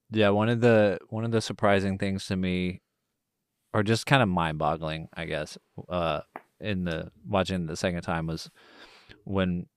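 A man co-hosting a podcast, chatting about a film in a relaxed way with many ums. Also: sits low, smooth, no echo, studio quality. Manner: relaxed, drawn-out delivery with frequent ums. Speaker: podcast co-host. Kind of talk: casual film-review chat.

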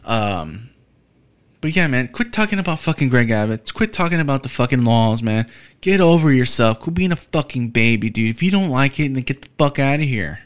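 A man's voice: mid-range voice, animated, normal speed. A young man from Texas hosting a podcast, delivering a blunt, profane solo rant. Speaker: podcast host.

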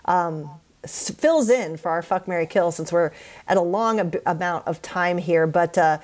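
A woman's voice: lowish voice, darkish tone. A woman hosting a casual podcast, chatty and upbeat as she wraps up the episode. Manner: upbeat, chatty sign-off with quick asides. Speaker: podcast host.

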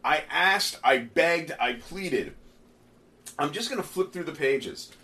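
Animated, exasperated man ranting. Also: on the high side, slow pace, a little hiss or hum. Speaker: comic book podcast host. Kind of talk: casual comic review chat.

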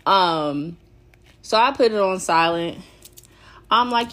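A woman in her thirties hosting a podcast, telling a story in a blunt, profane, animated way. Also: medium pitch, slow pace, pauses often. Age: 30s. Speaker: podcast host. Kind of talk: casual storytelling.

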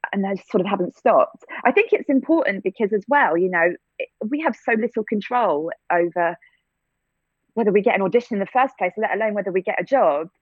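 An English woman, an actor and theatre-maker, answers interview questions reflectively, restarting often and using fillers with light laughs. Her mid-range voice is brisk and husky with lively intonation. The dry, phone-like line has no echo.

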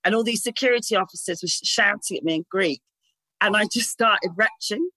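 Bright, sweary woman telling stories. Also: medium pitch, brisk, no room sound, poor audio. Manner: candid, sweary storytelling with frequent laughter. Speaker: guest. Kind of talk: casual chat.

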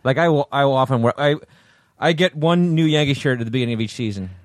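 A man co-hosting a podcast in a casual studio chat, brisk and joking with the odd swear. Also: mid-range voice, no room sound. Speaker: podcast co-host.

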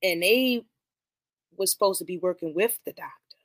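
A woman's voice: lowish voice, normal speed, no echo. Slangy woman telling a movie story. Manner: animated, slangy storytelling with frequent profanity. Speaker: podcast host reviewing a film. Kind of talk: casual movie commentary.

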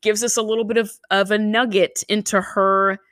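A young woman co-hosting a podcast, chatting casually and telling a story with lively impressions of the people in it. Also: normal speed, no room sound. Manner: animated storyteller, mimics people in shrill voices. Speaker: podcast co-host. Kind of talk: casual chat recapping a reality show.

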